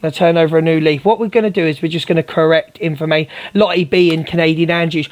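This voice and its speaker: Barely pausing, a livestream host with a slightly high voice rattles through a fast, confrontational rant aimed at a viewer, addressing her as darling over and over.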